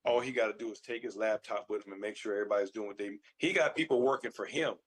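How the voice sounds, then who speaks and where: A man's voice: lowish voice, fast. A man who once played pro football, talking casually on a radio show in an earnest, storytelling way. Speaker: former football player, co-host.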